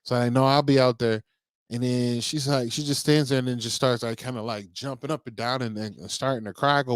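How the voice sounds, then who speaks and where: A man's voice: medium pitch, steady tone, brisk, clean tone, no echo, studio quality. A man in his thirties co-hosting a podcast, chatting casually and telling rambling stories full of "like" and "you know.". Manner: rambling storyteller, leans on fillers like "like" and "you know". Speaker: podcast co-host. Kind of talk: casual chat.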